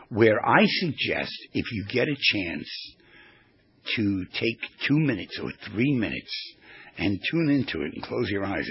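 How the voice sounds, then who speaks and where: A man hosting a radio talk show, telling stories in a rambling, animated way as a therapist. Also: fairly low pitch, gravelly, breathy edge, dry recording, dull audio. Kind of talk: casual radio talk with storytelling.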